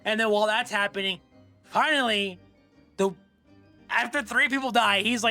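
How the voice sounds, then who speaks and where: A man co-hosting a casual movie recap, excitable and full of filler words. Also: sits high, normal speed, faint music behind. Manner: excitable, filler-heavy, lots of "like". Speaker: podcast co-host.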